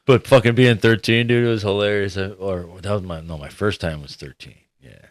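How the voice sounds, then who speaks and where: A man's voice: fairly low pitch, steady tone, a little fast, dry recording, studio quality. A man telling a profane, laid-back story in a casual podcast chat, often laughing. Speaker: podcast co-host.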